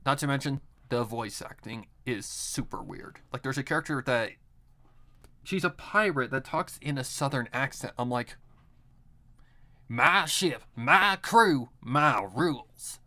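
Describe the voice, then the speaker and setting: A man rambling through casual stream chat while he works, peppering his talk with filler words and swearing freely. His voice sits at an everyday middle pitch, and his manner is loose and unscripted. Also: normal speed, sharp tone.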